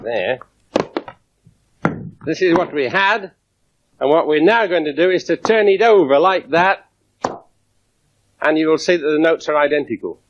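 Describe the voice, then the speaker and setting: Male science lecturer, slightly high voice, wry and demonstrative, muffled 1970s broadcast sound. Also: measured pace, long pauses, a little hiss or hum. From England. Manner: lively, wry demonstrating with audience. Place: lecture theatre with audience. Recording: dull 1970s broadcast recording.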